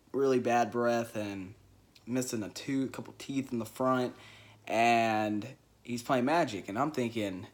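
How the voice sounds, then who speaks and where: A young man telling a story in a casual vlog, stammering through restarts and poking fun at himself, swinging between loud bursts and hushed asides. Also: mid-range voice. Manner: stammering restarts, self-mocking boasts. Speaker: vlogger telling a Magic card game story.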